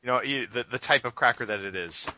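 A man's voice: mid-range voice, fast, pushed and bright, a little hiss or hum. A man co-hosting a casual podcast chat, teasing the others and steering the talk. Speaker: podcast co-host.

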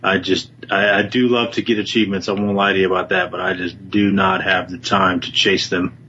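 A man's voice: deep voice, little pitch movement, a little fast, pushed and bright, lo-fi sound, a little hiss or hum. A man co-hosting a casual podcast, self-deprecating, with stumbling restarts. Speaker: podcast co-host.

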